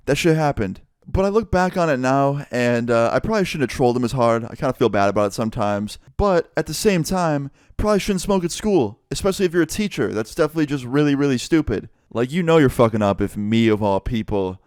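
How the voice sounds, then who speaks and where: A young man telling a casual, profane storytime vlog in an animated way. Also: medium pitch, smooth, no room sound, studio quality. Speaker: vlogger.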